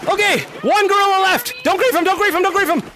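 A man hosting a virtual reality game lobby on a live stream, shouting callouts, repeating himself and laughing often as he plays at home. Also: very high voice, fast talker, background noise. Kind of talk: excited live gameplay commentary. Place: at home playing in VR.

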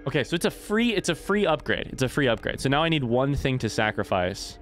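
A man's voice: mid-range voice, very animated, fairly quick, fairly bright tone, soft background music. A man streaming a video game, thinking aloud in casual commentary and swearing freely. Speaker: let's play streamer.

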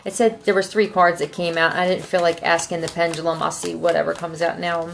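A woman's voice: fairly low pitch, little pitch movement, a little fast, gravelly, a little hiss or hum. A woman from Philadelphia giving a casual tarot reading, talking bluntly and with a lot of profanity, rambling from one thought to the next. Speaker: tarot reader.

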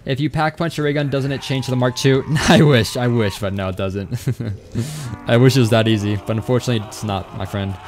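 A young gaming streamer chats casually while he plays, reading viewer messages aloud and rambling in a brisk, slightly mellow, mid-range voice. Soft music plays in the background.

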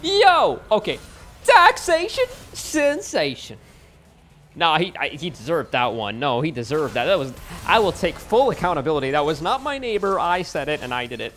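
A man giving live gameplay commentary as a streamer at home, excitable and bursting into yells and laughs. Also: fairly high pitch, a little fast, few pauses, a little hiss or hum. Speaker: gaming streamer. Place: home room with window open.

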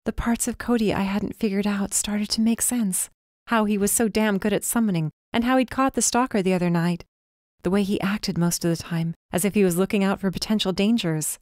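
A woman narrating a novel in the first person, steady and even, on a close studio mic. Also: medium pitch, fairly quick, no echo. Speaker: audiobook narrator.

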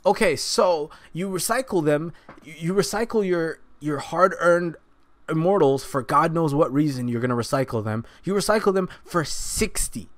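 A man's voice: fairly high pitch, moderate pace, no room sound. Angry ranting man, dry close sound. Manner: angry ranting, frequent swearing. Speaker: streamer. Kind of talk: heated gameplay commentary. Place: at a gaming computer while streaming.

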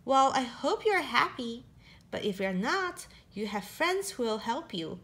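Female storyteller for a picture book: high and playful, unhurried, ready with animal sounds. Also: very animated, fairly bright tone. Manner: playful, makes animal noises between lines. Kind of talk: reading a children's picture book aloud.

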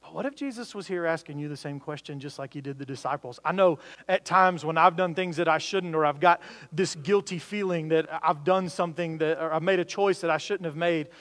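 A man's voice: fairly high pitch, brisk, a bit bright, long reverb tail. A man preaching a sermon, talking earnestly with frequent restarts and building emphasis. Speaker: pastor.

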